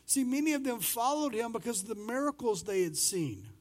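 Male pastor with a high voice, preaching casually and acting out quotes. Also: big pitch swings, a little fast. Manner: swings between loud and soft. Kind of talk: sermon.

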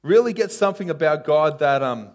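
A man preaching a casual sermon, telling a story with sharp rises and drops in his voice. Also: on the high side, fairly quick. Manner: animated storytelling, voice rising and falling sharply.

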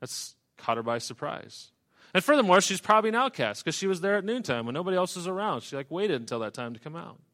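A man delivering a sermon in an easy, conversational way. His voice sits a little higher than most men's. He reads a scripture passage line by line and stops often to explain it in his own words. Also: sing-song, fast, fairly bright tone. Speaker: preacher. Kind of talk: expository sermon.

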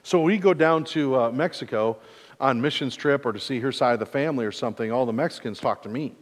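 A man's voice: mid-range voice, quick pace. Man in his forties preaching in a big hall. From mid-Michigan. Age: 40s. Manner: conversational, self-deprecating humor with acted-out quotes. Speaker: pastor. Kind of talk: sermon.

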